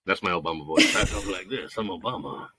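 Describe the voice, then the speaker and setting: A man putting on a slow, low impression of a former president as a joke. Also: pushed and bright, slight background noise. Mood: joking.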